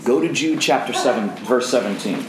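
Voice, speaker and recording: A man preaching a sermon as pastor, animated and raising his voice for emphasis. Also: mid-range voice, fairly quick, roomy sound, a crowd in the background, low-quality recording.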